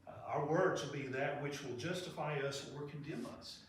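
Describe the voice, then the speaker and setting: A man's voice: fairly high pitch, moderate pace, slight background noise. A man preaching a sermon in a church in an earnest, conversational way. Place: church sanctuary. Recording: echoey hall from far off.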